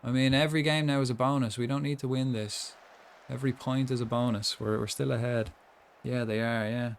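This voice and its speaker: A man's voice: medium pitch, fairly even intonation, fairly quick, creaky, slight background noise. A young man chatting casually while commentating his own football management game, rambling with lots of asides. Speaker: gaming streamer.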